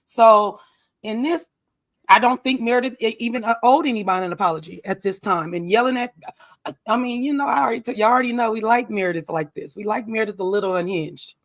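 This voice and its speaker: Animated high-pitched man, dry close mic. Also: fast talker, dry recording. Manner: animated, emphatic, talks in bursts. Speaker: podcast co-host. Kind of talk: casual recap chat.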